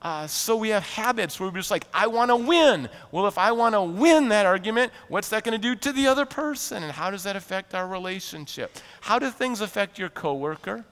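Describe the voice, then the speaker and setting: A man preaching a sermon as pastor, animated and conversational, often laughing and acting out quotes. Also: sits high, fairly quick, hardly any pauses, clear, resonant tone, big-room sound. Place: church sanctuary.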